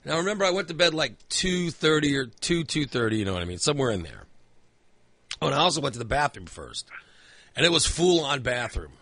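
A man's voice: mid-range voice, very animated, a little fast, sharp tone, no echo. A man rambling through a long personal story in casual chat, swearing freely and filling in with lots of asides.

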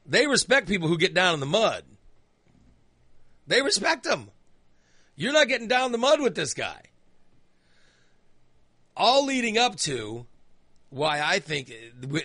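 A man hosts a talk show, firing off opinions in a sarcastic, exasperated rant. His voice is forceful and bright, sitting somewhat high for a man. It is recorded dry and close on a studio microphone, with no room sound. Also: sing-song, measured pace, pauses often, no echo.

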